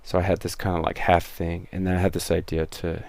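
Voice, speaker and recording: A man's voice: low-pitched, flat delivery, brisk, creaky, a little mellow, no room sound. A man, the show's creator and host, giving rambling behind-the-scenes commentary full of fillers and restarts.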